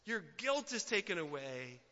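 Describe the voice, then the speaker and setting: A man preaching a sermon as a pastor, swinging between loud emphatic outbursts and quiet, soft asides. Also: high-pitched, very animated, measured pace. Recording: dull sound with long hall reverb.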